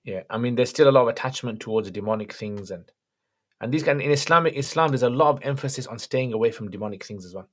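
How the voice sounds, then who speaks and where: A man hosts a casual livestream Q&A, reading viewer questions aloud and answering them plainly in a relaxed, conversational way. He has a mid-range voice and talks fast.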